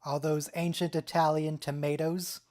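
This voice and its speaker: A woman with a very low voice joins a casual chat over a voice call. She drops short, dry, sardonic remarks. Her delivery is deadpan. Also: moderate pace. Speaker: watch-along participant. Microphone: computer mic on a voice call.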